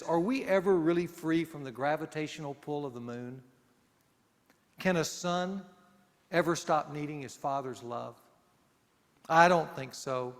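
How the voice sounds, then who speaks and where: A man preaching a sermon, pausing for effect and dropping to a hushed low voice to stress a point. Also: in a large hall. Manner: dramatic pauses, drops to a hushed low voice for emphasis.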